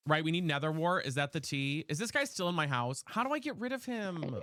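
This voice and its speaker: Sassy, lively streamer guy. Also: on the high side, fairly quick, hardly any pauses, no echo, studio quality. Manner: sassy, dramatic, chatty with chat. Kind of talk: live gameplay streaming with chat.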